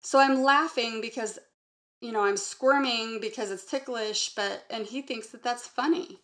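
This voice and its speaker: A woman guest recounting a personal memory in an earnest, halting way, linking thoughts with repeated "and". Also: on the high side, a bit bright. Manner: earnest, halting, strings sentences with "and". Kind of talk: personal testimony in conversation.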